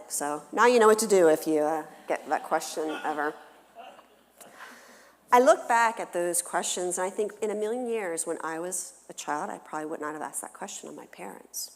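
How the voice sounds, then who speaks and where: A woman's voice: fairly low pitch, lively intonation, moderate pace. A middle-aged woman counselor giving a church talk, telling family stories with animation and acting out her children's voices. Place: church sanctuary. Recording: long hall reverb.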